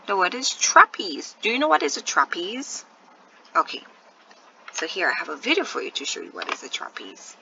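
A woman teacher leads a recorded phonics lesson, sounding out each letter slowly and asking her pupils questions. Her voice is bright and crisp, with a gravelly edge. The recording is dull and lo-fi, with a faint hiss behind her. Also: on the low side, very animated.

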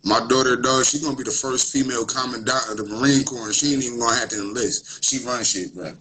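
A man's voice: medium pitch, quick pace, noisy background. A middle-aged man, a guest author, talking in an easygoing, slangy way in a casual interview.

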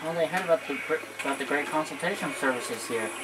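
A man's voice: fairly high pitch, quick pace. A man playing a co-op zombie game, making dry, wry remarks to his partner. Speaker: co-op gaming partner. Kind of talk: casual let's-play banter. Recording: noisy background.

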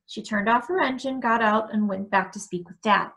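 A woman's voice: fairly high pitch, normal speed, hardly any pauses, fairly bright tone. A woman reading a children's novel aloud, narrating in the first person and voicing the dialogue. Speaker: reader of a novel.

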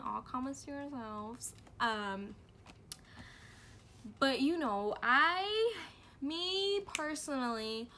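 A young woman chats through a casual product review vlog at home, giggly and full of slang. Her voice sits a little high and she takes her time. A faint hiss of room noise sits under her voice. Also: bright, forceful tone. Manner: bubbly, chatty, giggly, lots of fillers and slang. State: out of breath from heat. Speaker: beauty and lifestyle vlogger.

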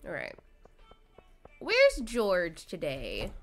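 Chatty young woman streamer, lively pitch. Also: slow. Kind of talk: casual gameplay chat. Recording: faint game music behind.

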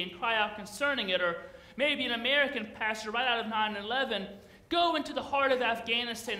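A man's voice: extremely high pitch, sharp tone, reverberant. A man preaching a sermon as pastor, in a conversational, playful way, often putting questions to the congregation.

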